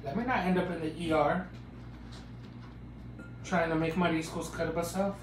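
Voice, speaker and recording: A man's voice: on the high side, fairly even intonation, moderate pace, roomy sound, over music. Playful man hosting a live cooking stream. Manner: playful, joking, chats with viewers. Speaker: cooking livestream host. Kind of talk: casual live cooking chat.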